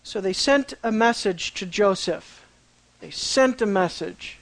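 A preacher walks listeners through a Bible passage in a conversational sermon, asking them questions as the talk goes. The story is told with dramatic swings between quiet moments and excited ones, at a middle pitch. The sound is dry and close, with almost no room echo. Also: normal speed.

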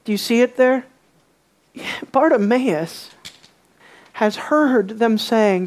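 A woman preaching an expository sermon, emphatic, asking rhetorical questions and swinging from loud to soft. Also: fairly high pitch, slow.

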